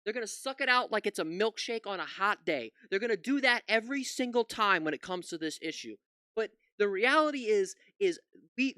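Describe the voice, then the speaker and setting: A man's voice: high-pitched, sharp tone, dry recording, clean studio sound. A man giving reaction commentary on a news clip, ranting with profanity and incredulous outbursts. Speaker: political commentary YouTuber.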